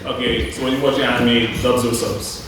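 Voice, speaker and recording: A man's voice: mid-range voice, level tone, moderate pace. A man in the audience putting hesitant questions to the chair. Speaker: audience member asking a question. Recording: echoey hall from far off, noisy.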